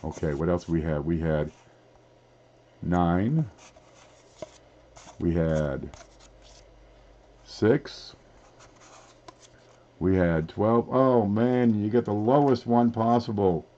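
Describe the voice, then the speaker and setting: A man's voice: deep voice, extremely slow, long pauses, mellow, dull audio, a little hiss or hum. A man hosting a casual live-stream giveaway, talking in a folksy, rambling way as he reads off items one by one. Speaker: livestream giveaway host.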